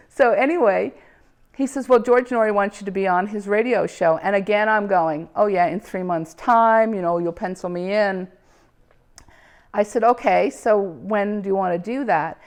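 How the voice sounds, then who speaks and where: A woman's voice: mid-range voice, normal speed. A woman casually telling her own story, animatedly acting out the quoted dialogue and laughing often.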